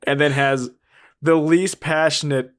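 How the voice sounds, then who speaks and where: A man's voice: a little high, steady tone, measured pace. A man co-hosting a podcast who riffs on a bad film in casual chat, with a sarcastic, mocking tone and frequent laughter. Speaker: podcast co-host.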